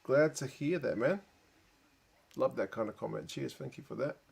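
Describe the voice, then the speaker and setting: A tired man with a New Zealand accent talks casually into a desk mic late at night. His voice sits at an ordinary middle pitch. He drifts between quiet muttered asides and chatty replies to viewers. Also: moderate pace, vocal fry, husky. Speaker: live-stream host. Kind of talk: casual live reaction stream, reading chat.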